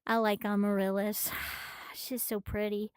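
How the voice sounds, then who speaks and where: A woman streaming a casual manga recap, excitable and swearing freely, a little out of breath. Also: mid-range voice, a little slow, smooth, dry recording.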